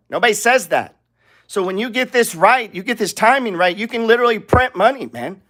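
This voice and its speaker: A man's voice: high-pitched, animated, a little fast, fairly bright tone. A man teaching a live trading lesson over charts, blunt and profane, firing off rhetorical questions.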